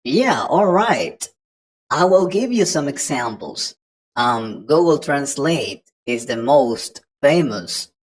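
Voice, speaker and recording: A woman's voice: rumbling low, big pitch swings, slow, slightly rough, low-quality recording. A woman giving an online English pronunciation lesson, patiently explaining step by step to the learner. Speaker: English teacher.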